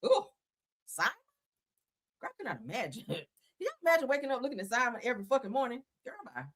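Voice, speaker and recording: Brief: woman in her thirties, gossip host, bright lively voice, blunt and profane, quick to laugh. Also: on the high side. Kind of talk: casual gossip commentary.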